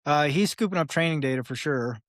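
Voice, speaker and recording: A man's voice: on the high side, a little fast, no echo, clean studio sound. A man talking as a podcast guest in a loose, rambling way, often saying "like" and "right?" and acting out quoted dialogue. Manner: animated, acts out quoted dialogue in other voices. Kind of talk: casual conversational interview.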